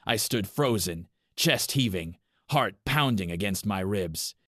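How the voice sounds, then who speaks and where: A man narrating a horror story in a measured, scripted way. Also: fairly low pitch, expressive, sharp tone, no room sound, clean studio sound.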